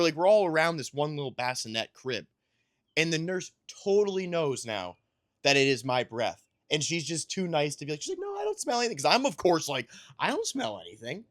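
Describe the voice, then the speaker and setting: A man's voice: on the high side, fairly bright tone, no echo, clean studio sound. A man chatting casually about his week as a new father, telling rambling, self-deprecating stories. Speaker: podcast host and new father. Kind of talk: casual chat.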